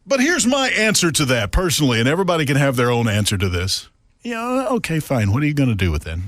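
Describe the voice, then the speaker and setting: Lively, animated male podcast host. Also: fairly high pitch, fast, no room sound, clean studio sound. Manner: chatty, animated, joking. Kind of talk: casual chat. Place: radio station studio.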